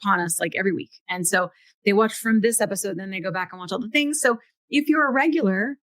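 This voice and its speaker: Casting: woman podcast host, mid pitch, chatty and casual, dry close mic. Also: fairly bright tone, no echo. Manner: chatty, quick asides with filler words.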